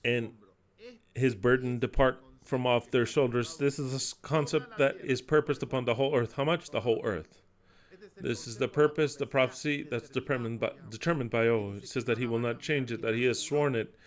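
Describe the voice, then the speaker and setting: A man delivering a sermon in an average-pitched voice. He declaims scripture forcefully, then drops into quiet, explanatory asides. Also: steady tone, brisk. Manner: emphatic, swings between loud declaiming and quiet asides. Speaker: preacher.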